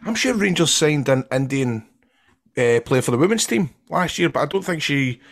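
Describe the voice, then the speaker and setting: A man's voice: fairly high pitch, animated, moderate pace. A man with a Scottish accent, co-hosting a casual podcast chat with enthusiasm. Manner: enthusiastic, conversational.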